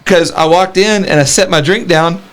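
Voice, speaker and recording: A man in his forties telling a story on a casual podcast, animated and laughing, acting out the people he quotes. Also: high-pitched, normal speed. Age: 40s. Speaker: podcast co-host.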